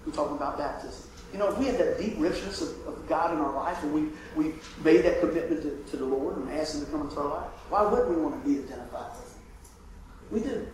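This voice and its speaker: A high-voiced male pastor preaching to his congregation, calling for amens as he moves between quiet, drawn-out phrases and loud bursts. He is heard from a distance in a very echoey church room with faint background noise. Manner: call-and-response preaching, asks for amens; swings from hushed to loud and drawn out. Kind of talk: sermon. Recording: echoey room picked up from far off.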